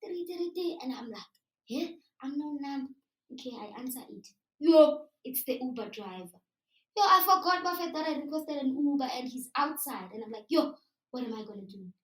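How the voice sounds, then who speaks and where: A young South African woman with a South African accent telling a story live to an audience in an animated, chatty way, slipping into local words. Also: high-pitched, brisk. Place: live event room. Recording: roomy sound from a distant mic.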